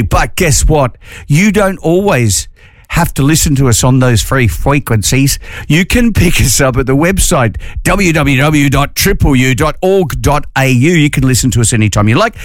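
A man's voice: medium pitch, no echo, studio quality. A man hosting a community radio show, playful and self-mocking with chuckling asides. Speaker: radio host. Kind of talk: casual radio banter. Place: radio studio.

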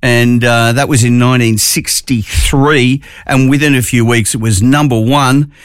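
A man's voice: medium pitch, steady tone, unhurried, smooth, no echo. A man with an Australian accent presenting a community radio show in chatty, jokey, upbeat talk from a studio. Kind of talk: casual radio chat.

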